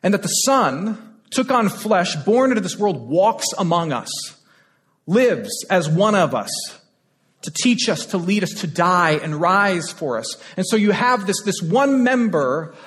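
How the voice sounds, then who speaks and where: A man's voice: high-pitched, sing-song, a little slow. Impassioned male preacher in a reverberant hall. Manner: impassioned, repeats phrases, swings between loud and hushed. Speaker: pastor. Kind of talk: sermon. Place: church sanctuary.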